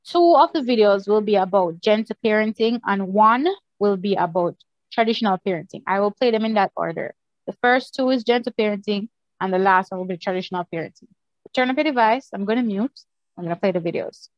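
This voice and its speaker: A woman's voice: mid-range voice, fairly quick, no echo. A woman from the Caribbean moderating an online discussion club meeting, speaking in a plain, instructive way. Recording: slightly muffled video call audio.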